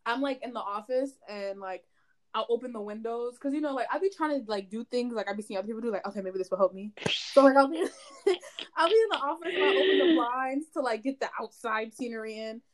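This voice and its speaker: Rambling young woman, bright-pitched chat. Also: expressive, fairly quick. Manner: loose, rambling, lots of fillers and laughs, profane. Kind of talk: casual chat.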